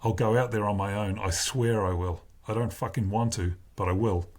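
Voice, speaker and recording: A man voicing a reckless, excitable young male surfer who swears and pushes his friend on. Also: lowish voice, moderate pace, lightly acted. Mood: defiant. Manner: swearing, shouting, pushy.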